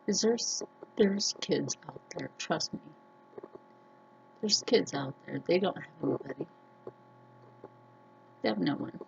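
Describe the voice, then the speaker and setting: A woman vlogger talking earnestly to her viewers, telling personal stories slowly with many restarts. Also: on the low side, lively intonation, creaky, muffled recording, noisy background. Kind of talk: casual personal talk to camera.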